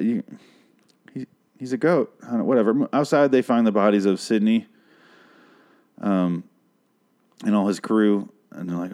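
A man with a fairly low voice rambles through a TV episode recap, swearing freely and mocking the characters with dry sarcasm. He talks into a microphone he holds in his hand. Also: steady tone, normal speed, darkish tone. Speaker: podcast host recapping a TV episode. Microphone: handheld microphone.

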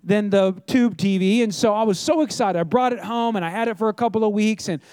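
A man's voice: high-pitched, brisk, darkish tone, clean tone, no echo. A middle-aged man preaching a conversational sermon, telling stories and talking straight to the congregation. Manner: chatty storytelling, addresses the audience directly. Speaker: pastor.

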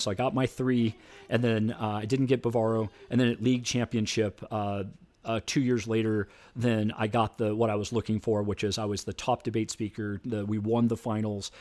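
Animated middle-aged man telling stories. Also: on the low side. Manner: animated storyteller, acts out voices. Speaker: speech and debate coach. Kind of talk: storytelling interview.

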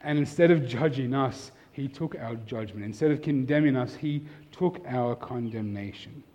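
A man's voice: mid-range voice, moderate pace. Man preaching in a reverberant hall. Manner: emphatic, swings from loud to soft and intimate. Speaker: pastor. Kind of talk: sermon.

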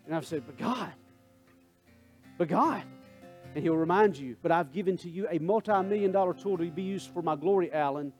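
A man preaches a sermon in a high, ringing voice, dropping into hushed prayer and then climbing back to loud, urgent calls to his congregation. Soft guitar plays faintly beneath him. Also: fast talker, few pauses. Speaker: pastor. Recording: faint guitar music underneath.

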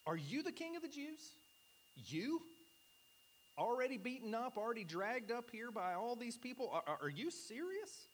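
A man's voice: extremely high pitch, sing-song, moderate pace, slight background noise, pitched above the performer's own voice. A man acting out an incredulous, blustering male Roman governor who scoffs in disbelief.

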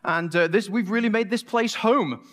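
With a fairly bright, high-pitched voice at a moderate pace, this middle-aged Manchester man gives a sermon. He keeps it chatty and full of jokes, with a handful of restarts.

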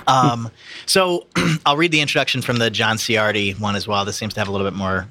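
A man's voice: lowish voice, fairly even intonation, a little fast, sharp tone, a little hiss or hum. A man on a casual podcast reading a dense text aloud, stumbling over long words, with swearing and laughs between passages.

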